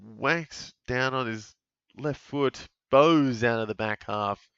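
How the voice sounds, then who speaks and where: A man casually commenting on a live football game for his stream, chatty and relaxed, with sudden bursts of excitement at big plays. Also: mid-range voice, slow, vocal fry, clear, resonant tone, dry recording, muffled recording. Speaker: fantasy football streamer calling a live watch-along.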